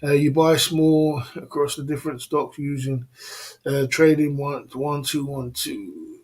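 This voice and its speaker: A man's voice: fairly high pitch, a little slow, a little mellow. A man hosting a casual livestream, rambling about stocks and reading chat comments, often repeating "you know what I mean". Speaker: livestream host.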